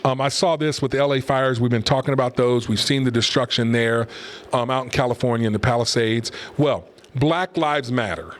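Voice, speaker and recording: A man's voice: mid-range voice, level tone, a little fast. Opinionated man hosting a casual talk show. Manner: rambling, opinionated, conversational. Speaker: host and pastor. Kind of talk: casual commentary podcast.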